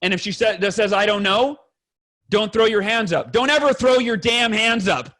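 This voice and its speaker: A man's voice: high-pitched, normal speed, pushed and bright, low-quality recording. A man speaking as a guest on a podcast, earnest and emphatic, talking bluntly with fellow fathers and swearing now and then. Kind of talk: candid podcast conversation.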